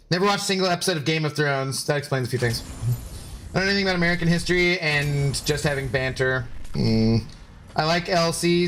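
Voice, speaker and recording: A man's voice: a little high, a bit bright. A man casually chatting with his viewers while streaming a game, reading out chat messages and bantering sarcastically. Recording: faint background music.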